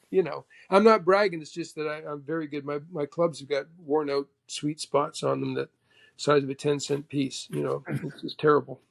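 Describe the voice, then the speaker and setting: A man in his sixties from Canada, a guest telling animated anecdotes and acting out both sides of old conversations. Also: a little high, moderate pace, creaky. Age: 60s. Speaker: guest, golf professional. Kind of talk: casual storytelling chat.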